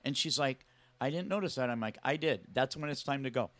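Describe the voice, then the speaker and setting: Animated man acting out quotes. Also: medium pitch, fairly quick, dry recording. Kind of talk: casual recovery conversation.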